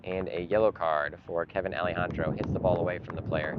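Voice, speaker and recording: A man doing partisan play-by-play for his club's live stream, getting frustrated and sometimes yelling at calls. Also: sits low, brisk, hardly any pauses. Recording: dull lo-fi live stream audio with noise.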